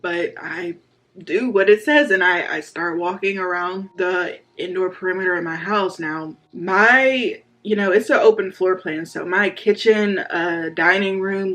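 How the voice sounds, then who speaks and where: A man's voice: high-pitched, moderate pace. A man telling his personal faith story in a candid, casual way, his voice rising sharply when he acts out his own pleading. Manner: candid, animated, voice rises sharply when reenacting pleas. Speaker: vlogger sharing a faith testimony.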